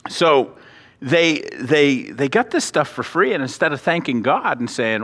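A man's voice: mid-range voice, unhurried. A man preaching a sermon as a pastor, conversational with self-deprecating asides and acting out the characters' voices. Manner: animated, acts out the characters' voices. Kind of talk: expository sermon. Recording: reverberant hall.

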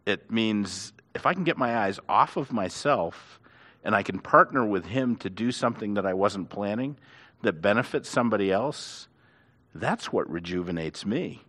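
Lowish-voiced man telling faith stories. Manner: animated storyteller who acts out quotes. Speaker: pastor and author. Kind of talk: storytelling in a faith interview.

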